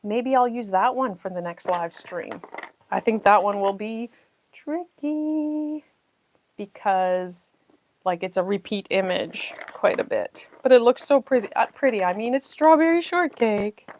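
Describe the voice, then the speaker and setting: A woman's voice: medium pitch, lively intonation, unhurried, darkish tone, slight background noise. A woman hosting a casual livestream while she builds a jigsaw puzzle, chatting freely and thanking her viewers effusively.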